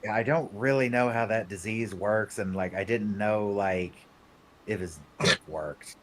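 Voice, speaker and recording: A man chatting on a reaction stream, telling stories with deadpan jokes. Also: on the low side, unhurried, slight background noise. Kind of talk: casual banter.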